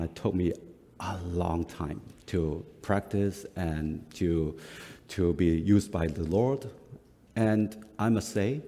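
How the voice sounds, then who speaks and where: A middle-aged man from Singapore preaching a sermon as pastor, speaking haltingly with frequent fillers and self-corrections. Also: on the low side, dark tone. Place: church hall. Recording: long reverb of a large hall.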